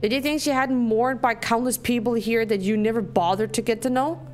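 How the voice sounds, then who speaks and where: A woman's voice: a little high, steady tone, fairly quick, a little mellow, lightly acted. A woman reading aloud a grieving, bitter woman who defends her dead sister in a narrative game. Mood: bitter, accusing. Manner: bitter and accusing.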